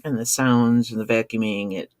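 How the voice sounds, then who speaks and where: A woman's voice: a bass voice, normal speed, no room sound. Woman co-host, laid-back and dry, a bit sarcastic, close dry mic. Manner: relaxed and dry, sarcastic at times. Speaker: co-host of a live chat stream. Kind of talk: casual chat.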